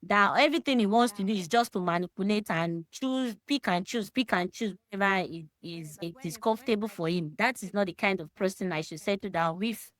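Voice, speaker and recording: A woman's voice: mid-range voice, a little fast, few pauses. A woman in her thirties with a Yoruba Nigerian accent talks emphatically in a casual discussion. She mixes Yoruba phrases into her English. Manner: emphatic, animated, talks straight to the listener. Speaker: podcast discussion guest. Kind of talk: casual faith-centred discussion.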